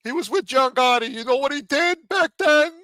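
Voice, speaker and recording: A man putting on a sly, high voice as a tipster who teases the listeners with news. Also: moderate pace, bright, forceful tone, no echo. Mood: teasing. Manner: teasing, conspiratorial.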